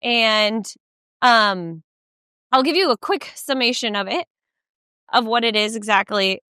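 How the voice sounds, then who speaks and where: A woman's voice: fairly high pitch, a little slow, pushed and bright, clear, resonant tone, dry recording, studio quality. A woman co-hosting a podcast, talking casually and rambling through a story with many fillers while walking outdoors by a lake. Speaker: podcast co-host. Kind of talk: casual chat.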